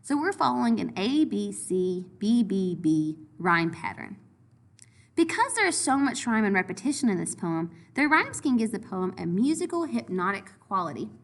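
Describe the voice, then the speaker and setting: A woman teacher walking through a lesson in a clear, explanatory way, step by step. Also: mid-range voice, big pitch swings, normal speed. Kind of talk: recorded lesson review.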